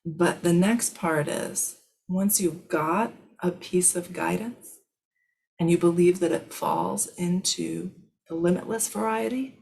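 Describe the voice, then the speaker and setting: A woman hosting a live spiritual question-and-answer session, speaking in a soothing, reassuring way that often sinks to a soft whisper. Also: lowish voice, takes it slowly, vocal fry.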